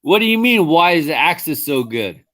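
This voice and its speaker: Drunk, profane livestream host. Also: male voice, a little high, sing-song, moderate pace. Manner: loud, profane, laughing. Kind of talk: livestream chat.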